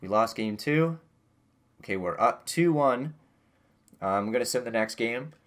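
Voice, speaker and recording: Excitable young man commentating a game. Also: mid-range voice, unhurried. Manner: excitable, swings between yelling and muttering. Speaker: gaming YouTuber.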